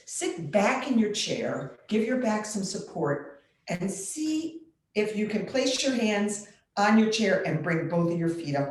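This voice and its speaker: A woman yoga instructor guiding a chair yoga class with calm, step-by-step instructions, clearing her throat now and then. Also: medium pitch. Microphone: computer mic. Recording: very echoey room on a computer mic.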